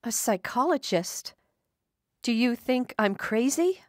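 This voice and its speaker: A woman voicing a confused older woman who has lost her memory, hesitant and slow. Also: medium pitch, dry recording, studio quality, close to an everyday voice. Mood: bewildered. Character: confused older woman, injured amnesiac patient.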